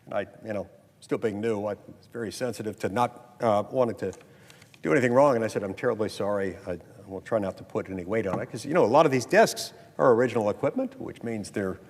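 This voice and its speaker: Folksy senator telling a story. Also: male voice, fairly low pitch, fast talker, a little mellow. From Utah, US. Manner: folksy, self-deprecating storytelling, then emphatic argument. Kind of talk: floor speech with a personal story. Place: legislative chamber. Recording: long reverb of a large chamber.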